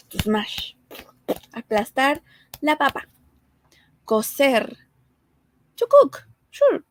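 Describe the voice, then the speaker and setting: A woman's voice: on the high side, fairly bright tone, dry recording, poor audio. Chatty Mexican woman teaching Spanish. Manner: switches between Spanish and English, chatty with light laughs. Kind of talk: casual language lesson.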